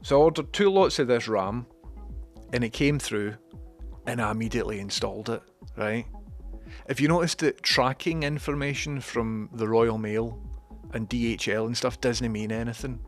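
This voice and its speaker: Hosting his own livestream, a man chats casually in a rambling way, sarcastic, swearing and drifting onto tangents. His voice is medium-pitched at normal speed, with faint music in the background.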